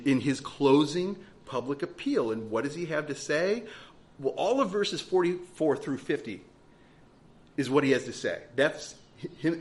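Guy preaching a sermon, kinda high voice, really animated, keeps asking big questions. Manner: rhetorical questions, emphatic and earnest. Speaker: pastor.

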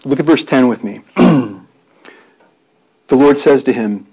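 A man's voice: medium pitch, takes it slowly, dark tone, slightly rough, rough recording. A man preaching a sermon in an earnest, conversational way, with frequent restarts and rhetorical questions.

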